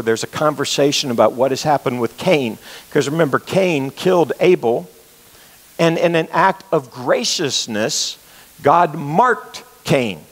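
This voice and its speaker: A man's voice: on the high side, long reverb tail, low-quality recording. A man giving an earnest, conversational sermon, reading scripture and explaining it with frequent restarts. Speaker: preacher.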